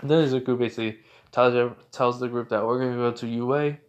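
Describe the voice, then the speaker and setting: A man's voice: medium pitch, steady tone, quick pace, muffled recording. A man casually narrating a made-up story, rambling and leaning on fillers like "basically" and "like".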